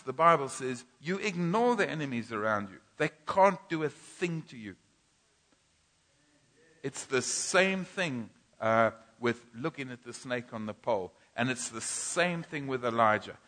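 Bright-voiced male preacher. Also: mid-range voice, lively intonation, unhurried. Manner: repetitive, emphatic, frequent restarts. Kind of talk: sermon. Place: church.

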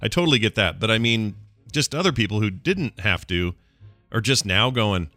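Podcast host guy, low voice, bouncy and chatty, laughs a lot, bright dry home mic sound. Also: normal speed, dry recording. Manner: animated, laughs easily, rambling asides. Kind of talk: casual chat.

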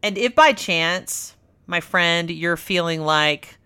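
A woman hosting a radio talk show, chatty and animated, acting out little quotes as she talks. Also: lowish voice, slow, clean tone.

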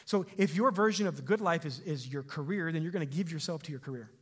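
A man preaching a sermon as pastor, telling a Bible story with animated emphasis that swings between loud and quiet. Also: on the high side, fast talker, slightly rough. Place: church sanctuary.

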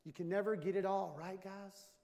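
A man in his fifties preaching a sermon with humor, animated and jokey, acting out little dialogues. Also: sits high, normal speed. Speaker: pastor. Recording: long hall reverb.

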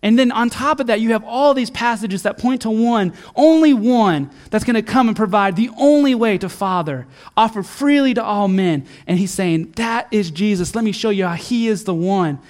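Earnest high-voiced man, middle-aged, church sermon, swings between emphatic and quiet. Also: normal speed, few pauses. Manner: earnest, builds to emphatic peaks then drops soft and low. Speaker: pastor.

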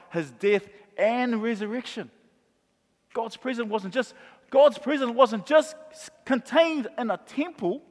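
A male pastor preaching a sermon, animated, acting out the voices of Bible figures. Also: high voice. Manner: animated, acts out voices of crowd and Jesus. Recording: long reverb of a large hall.

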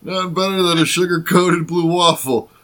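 A man's voice: high voice, level tone, normal speed, a bit bright. A man co-hosting a podcast, joking crudely and laughing often in loose casual chat. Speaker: podcast co-host.

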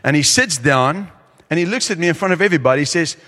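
Animated preacher in a reverberant hall. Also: male voice, on the high side, quick pace. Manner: animated storyteller acting out quotes. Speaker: pastor. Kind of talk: sermon storytelling. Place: large conference hall.

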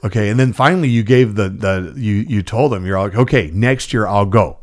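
A man's voice: lowish voice, a little fast. Man, casual storytelling chat, acts out quotes, curses a lot.

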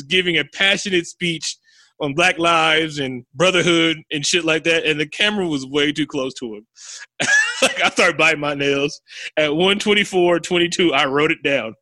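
A man's voice: fairly high pitch, normal speed, no echo. A man in casual chat, animatedly retelling a film scene, acting out the characters' lines and laughing often. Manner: animated storyteller, acts out quotes, swears, laughs often.

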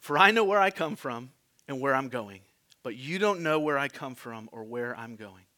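A man's voice: medium pitch, lively intonation, normal speed, sharp tone. A man preaching a sermon as pastor, conversational and teasing the congregation with asides and questions.

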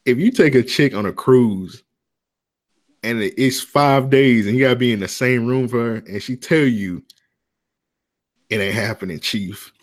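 A man's voice: medium pitch, normal speed. A man co-hosting a podcast, telling stories in loose slangy casual banter and laughing often. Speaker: podcast co-host.

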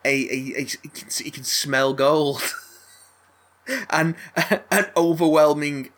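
A man recapping a film in casual chat, rambling with halting restarts and frequent laughs. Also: on the high side, fairly even intonation, a bit bright. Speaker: podcast co-host recapping a film.

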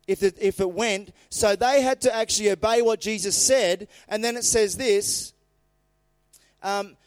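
A man preaching a sermon, retelling scripture stories in lively, casual everyday words. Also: high-pitched, a little slow, clean tone, dry recording.

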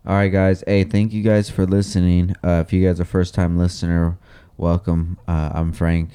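Chill guy cohosting a pod, real deep voice, lots of slang n cussing. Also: completely flat delivery, moderate pace, dark tone, smooth. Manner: laid-back slang, swears freely. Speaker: podcast co-host. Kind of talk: casual chat.

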